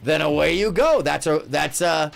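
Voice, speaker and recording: A man's voice: on the high side, moderate pace, vocal fry, soft background music. A man hosting a live call-in stream, talking casually in a rambling, jokey way. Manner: animated, rambling, jokey, swearing. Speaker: live call-in show host.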